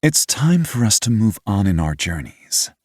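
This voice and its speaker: A man reading an audiobook voices a composed, gentle middle-aged American mother in a soft, measured way. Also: lowish voice, very animated, slightly rough, dry recording, clean studio sound, voice pushed up. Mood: calm. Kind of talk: audiobook character voice.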